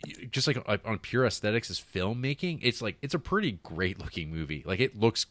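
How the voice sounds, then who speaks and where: Low-voiced rambling podcast guy. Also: very animated, fairly quick, fairly bright tone. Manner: rambling, heavy on fillers and restarts. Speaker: podcast co-host. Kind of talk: casual chat.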